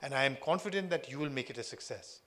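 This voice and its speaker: A middle-aged man with a Nepali accent giving a lively storytelling speech to a live audience. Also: mid-range voice, fast talker. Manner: lively storytelling, mixing in acted quotes. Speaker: public speaker.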